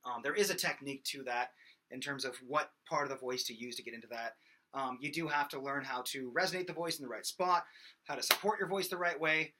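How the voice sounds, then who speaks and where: A man's voice: medium pitch, fairly quick, a little hiss or hum. A young man teaching singing in a loose, rambling way, full of fillers. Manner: rambling, many fillers, breaks into loud sung demos. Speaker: vocal instructor. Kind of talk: casual singing lesson.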